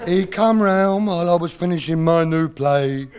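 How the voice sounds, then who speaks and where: An actor playing a dim-witted lowbrow playwright who speaks in ungrammatical, common-sounding sentences, in a 1970s radio comedy sketch. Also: male voice, moderate pace, a crowd in the background, lightly acted.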